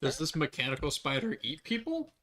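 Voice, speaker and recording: A man's voice: fairly high pitch, wildly swooping pitch, a little fast, sharp tone, slight background noise. A man playing a tabletop game, cracking jokes and chatting casually with the table. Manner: jokey, offers snacks, chatty asides. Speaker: player.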